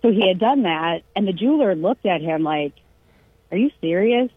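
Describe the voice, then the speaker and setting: Chatty low-voiced woman on a phone-like line. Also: fairly quick, slightly rough, no echo. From California. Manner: lively storyteller who acts out quoted voices and laughs. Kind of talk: casual storytelling chat. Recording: dry, narrow phone-like radio sound.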